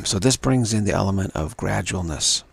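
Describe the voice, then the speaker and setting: A man giving a slow, halting spiritual talk with many fillers and repeated words, recorded live. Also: fairly low pitch, animated, gravelly, breathy edge. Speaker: spiritual teacher.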